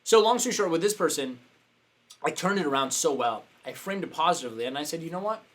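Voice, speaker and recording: A man hosting a coaching show, telling a story in a casual, animated way, with many "like" fillers. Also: fairly high pitch, fast talker. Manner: animated, acts out quoted voices, frequent "like" fillers. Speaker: business coach and show host.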